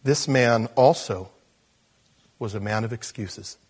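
A man preaching a sermon in an animated, self-deprecating way, chuckling and acting out voices when he quotes people. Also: on the low side, takes it slowly, husky. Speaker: pastor.

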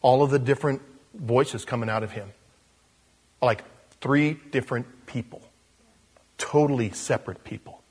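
A man, a pastor, telling a story during a casual, animated sermon in a church. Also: medium pitch, moderate pace, long pauses, husky.

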